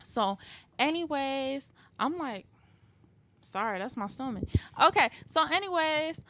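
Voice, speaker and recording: A woman guest on a podcast telling a story in casual chat, animated and skipping details with "da, da, da.". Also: high voice, measured pace. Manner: animated, fills quotes with "da, da, da".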